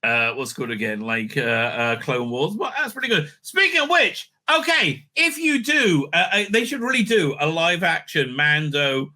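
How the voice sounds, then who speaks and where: A man with a sharp, bright voice and a slightly high pitch rambles through a casual episode recap. He stumbles on fillers constantly and tosses in crude asides. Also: animated, normal speed, hardly any pauses. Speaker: show recapper and reviewer.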